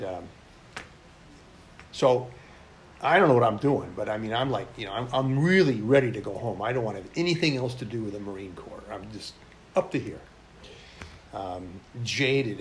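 A man's voice: fairly low pitch, slight background noise. An older military veteran telling his service stories in an interview, rambling and blunt with frequent restarts. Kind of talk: oral history storytelling.

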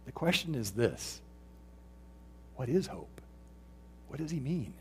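A man's voice: medium pitch, big pitch swings, slow, husky. A middle-aged man preaching an earnest sermon as pastor, reading scripture and quotations aloud.

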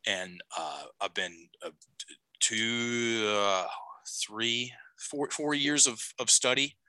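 A man's voice: mid-range voice, slow, sharp tone, dry recording, low-quality recording. A middle-aged man, a life coach, telling a long story on a podcast, restarting sentences and checking in with "okay?". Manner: rambling, self-correcting, frequent "okay?" check-ins.

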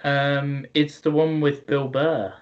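A man's voice: mid-range voice, level tone, takes it slowly. A man co-hosting a podcast in casual chat, explaining his views earnestly and patiently. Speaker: podcast co-host. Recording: dull lo-fi sound.

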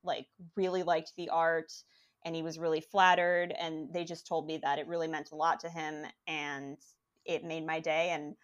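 A young woman telling a long personal story as a guest, animated and rambling, with lots of restarts. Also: low voice, moderate pace, muffled recording. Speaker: podcast guest. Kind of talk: casual storytelling.

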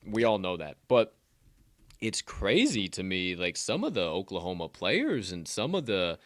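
A man's voice: low-pitched, very animated, measured pace, no room sound. A man co-hosting a casual sports podcast, swearing and laughing often as he talks. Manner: profane, laughing, slips into a put-on drawl. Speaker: podcast co-host.

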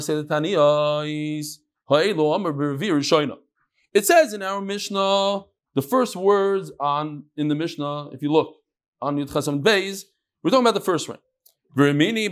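A man teaching an informal Gemara class, telling stories and explaining with Hebrew and Yiddish terms. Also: high voice. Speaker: Talmud teacher.

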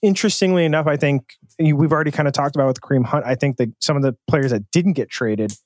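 A man's voice: a little high, fast, a little mellow, dry recording. A man co-hosting a sports podcast, chatting casually with jokes and profane banter. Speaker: podcast co-host.

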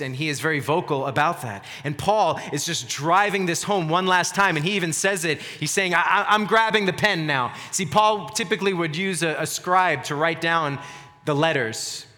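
A man's voice: on the high side, a little slow, bright, forceful tone, long reverb tail. A man preaching a sermon as pastor, earnest and emphatic, often repeating words for stress.

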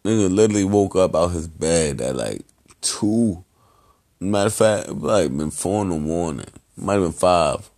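Deep-voiced man rambling shout-outs. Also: lively intonation, normal speed. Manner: loose, rambling, heavy slang and profanity. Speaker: podcast host.

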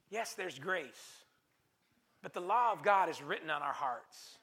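High, gravelly-voiced preaching man. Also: lively intonation, unhurried, fairly bright tone. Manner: emphatic, repeats phrases for stress; calls to the congregation. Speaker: pastor. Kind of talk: sermon.

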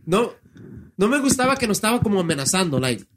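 A man tells a story animatedly, his high voice swinging widely as he acts out the quoted lines. He switches between English and Spanish. His tone is slightly husky. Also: big pitch swings, racing, a bit bright. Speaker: band member. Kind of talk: casual storytelling chat.

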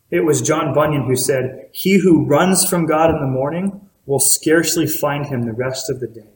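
A male pastor preaches an earnest sermon in a somewhat high voice, turning often to ask his listeners direct questions. The sound carries a roomy echo. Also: normal speed, hardly any pauses.

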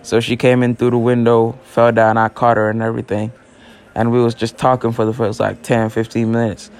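A man's voice: mid-range voice, completely flat delivery, brisk, darkish tone. A teenage boy hosting a casual solo podcast, rambling and joking in heavy slang with lots of cussing. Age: late teens. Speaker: podcast host.

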